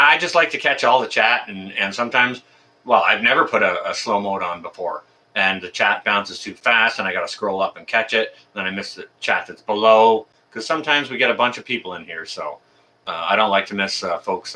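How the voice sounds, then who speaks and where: Casual male livestream host, bright voice, friendly, halting, filler-heavy. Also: lowish voice. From Canada. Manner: friendly, chatty, many ums and uhs. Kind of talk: casual live chat greeting viewers.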